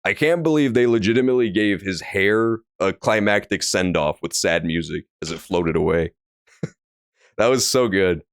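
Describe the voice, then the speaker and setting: A man streaming a game, talking excitedly and profanely and mock-scolding his chat. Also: on the low side, normal speed, smooth, no room sound, studio quality. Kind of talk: let's play commentary.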